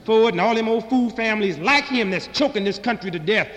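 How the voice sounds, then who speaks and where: A man's voice: high-pitched, brisk, fairly bright tone, long reverb tail. A man delivering a political stand-up monologue in a fiery, preaching, sarcastic manner to a live audience. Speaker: comedian and speaker.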